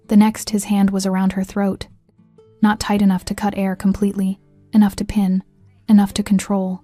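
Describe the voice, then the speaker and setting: A woman narrating a story in a measured, even reading. Her voice is dark and mellow, and her pitch barely moves. The recording is dry, and soft music plays faintly underneath. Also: no room sound.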